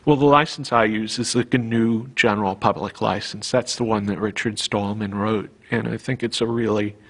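Earnest low-voiced man with uh pauses. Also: fairly even intonation, fairly bright tone. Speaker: interviewee, software developer. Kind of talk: documentary interview.

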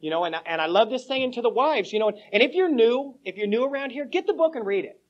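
A man's voice: extremely high pitch, expressive, fast talker. A man telling his recovery story at a meeting, in a joking, slangy way, calling listeners "man" and "bro". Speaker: AA meeting speaker. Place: meeting room before a live audience. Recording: lo-fi old cassette tape.

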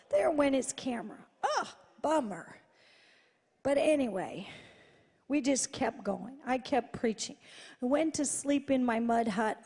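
A woman with a high voice preaches to a live crowd in a big hall, and the long echo trails after her words. She tells her stories with lots of repetition, jumping from loud, excited bursts to hushed asides. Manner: animated, repetitive, swings between loud and hushed. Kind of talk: sermon storytelling. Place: large church hall, live event.

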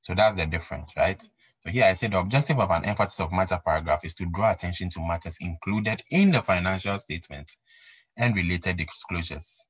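A man with a very low, deep voice teaching an exam-prep accounting class. He drives points home by repeating them and asking his listeners whether the idea is clear. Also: no echo, poor audio. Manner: repeats key points for emphasis, asks rhetorical questions. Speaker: accounting lecturer. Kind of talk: recorded exam-prep lecture.

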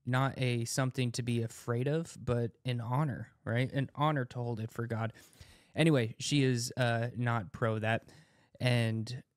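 A man's voice: medium pitch, smooth, no room sound, clean studio sound. A man who preaches, hosting a podcast in a casual, conversational way and repeating phrases for emphasis.

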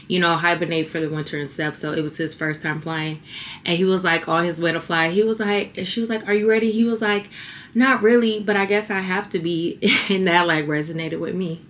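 A woman's voice: low voice, fairly even intonation, a little fast, a bit bright, slight background noise. A young woman vlogging at home, chatty and heartfelt, a little teary as she talks to her viewers. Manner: heartfelt, chatty, says y'all. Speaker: beauty vlogger. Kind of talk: casual vlog talk to camera.

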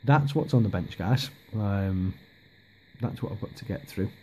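Male vlogger, mellow and low, hesitant, casual rambling delivery. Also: a little slow, a little hiss or hum. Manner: hesitant, lots of ums and restarts. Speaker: miniature hobby vlogger.

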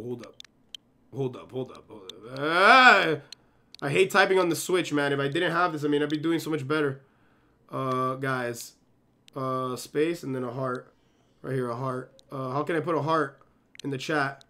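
This excitable young streamer chats casually with his audience while playing, his voice medium-pitched. He's fidgety and peppers his talk with "yo" and "hold up."

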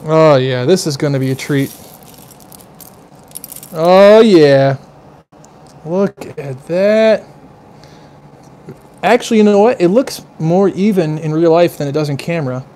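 A man's voice: a little high, slow pace, long pauses, warm tone, a little hiss or hum. A man hosting a casual live stream, gushing over what he tastes and chatting loosely with viewers. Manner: effusive, exclaims over tastes and smells; rambling, chatty asides to viewers. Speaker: livestream host.

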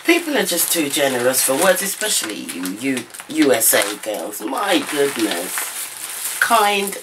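A woman's voice: very deep voice, unhurried, noisy background. A woman craft vlogger unboxing a parcel, gushing and exclaiming over and over. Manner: gushing, excitable, repeated exclamations. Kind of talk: unboxing vlog. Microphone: camera mic.

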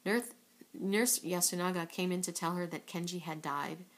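A woman's voice: fairly low pitch, normal speed. Woman reading a children's book aloud. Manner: steady, with occasional slips and self-corrections. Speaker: reader.

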